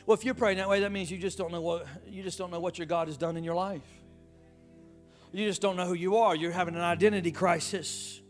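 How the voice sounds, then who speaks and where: A man preaches in a high, lifted voice, calling out to the congregation and slipping into playful asides. Soft music plays faintly behind him. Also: fairly even intonation, fairly quick. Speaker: pastor. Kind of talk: sermon.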